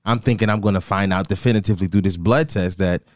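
A man tells a personal story in a casual chat. He gets animated and quotes himself. The sound is close and dry. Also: low-pitched, fast talker, dry recording. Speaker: guest telling his story.

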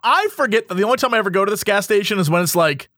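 A man co-hosting a casual comedy podcast, animated and jokey, sliding into silly voices. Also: high-pitched, racing, no echo, studio quality. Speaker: podcast co-host.

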